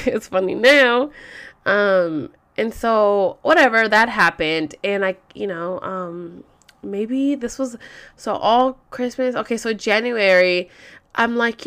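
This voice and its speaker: A woman's voice: mid-range voice, takes it slowly, a bit bright, smooth. A woman telling a long personal story on a vlog, rambling and swearing, with "like" in every other phrase. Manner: rambling, profane, frequent "like" fillers. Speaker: vlogger.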